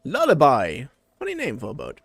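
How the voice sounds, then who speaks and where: A man's voice: mid-range voice, wildly swooping pitch, moderate pace, gravelly, slightly rough, no echo. A man streaming a game with chatty, playful, scattered commentary.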